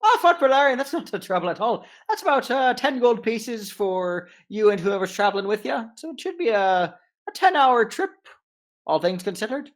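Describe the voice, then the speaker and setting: Guy putting on a high loud gnome captain lady, bossy and brisk, bit pirate-y. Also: very animated. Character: brash small female gnome ship captain.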